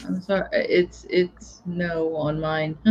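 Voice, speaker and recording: A woman's voice: lowish voice, very slow, muffled recording. A woman who is a guest tarot reader on a live stream, easygoing and laughing at herself as she tells stories. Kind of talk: casual live-stream chat.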